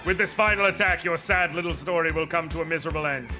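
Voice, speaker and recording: A cruel, boastful villain knight from a video game, put on by a male streamer. He gloats in a theatrical, slightly high voice. Music plays in the background. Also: fast, lightly acted. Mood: taunting. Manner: theatrical, gloating, swings to shouting rage. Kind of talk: dramatic reading of game dialogue. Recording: music behind the voice.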